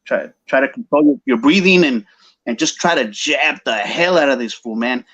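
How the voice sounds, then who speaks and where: A man's voice: medium pitch, expressive, normal speed, a bit bright, breathy edge, muffled recording. A man with a Chicano English accent telling a story casually, slangy and mixing English with Spanish.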